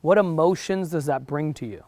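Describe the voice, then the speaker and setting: A broker with a New Jersey accent motivates a live group of realtors in a fairly high, slightly mellow voice at normal speed. The sound has no echo, and his delivery is conversational, full of check-ins with the audience.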